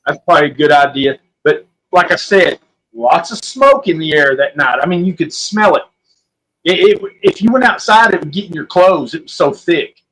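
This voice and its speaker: A man's voice: fairly high pitch, lively intonation, normal speed, a bit bright, poor audio. A man with an Oklahoman accent, telling a story as a podcast guest in a rambling, folksy way. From Southwest Oklahoma. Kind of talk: casual storytelling.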